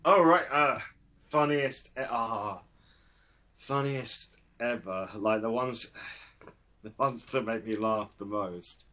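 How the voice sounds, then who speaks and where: A man co-hosting a casual chat, giggly and spinning absurd dark jokes. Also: medium pitch, slow, dull audio. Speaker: co-host.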